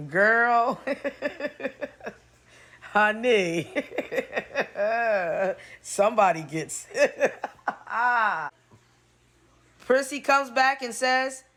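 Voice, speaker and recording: Woman doing gossip commentary, kinda high voice, blunt and sassy, laughs a lot. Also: fairly bright tone. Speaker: gossip channel host.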